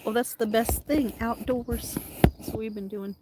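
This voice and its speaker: A woman with a low, rugged voice chats casually with her viewers outdoors in her backyard, breaking into a playful singsong to call to the animals. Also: steady tone, unhurried, very noisy. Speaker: vlogger. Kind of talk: casual live chat with viewers.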